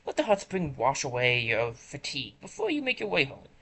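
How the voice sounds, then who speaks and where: A streamer voicing a kindly old hot spring elder while reading game dialogue aloud, in a slow, gentle, old-fashioned manner. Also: mid-range voice, wildly swooping pitch, slight background noise, voice pushed down, full character voice.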